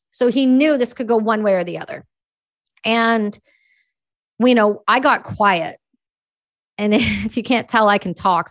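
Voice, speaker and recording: A woman from Canada in her thirties, a podcast guest telling stories candidly and casually, swearing freely and talking quickly. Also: medium pitch, fairly bright tone. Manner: candid, profane, quick-talking, voices quoted people. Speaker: podcast guest, army veteran. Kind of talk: casual storytelling.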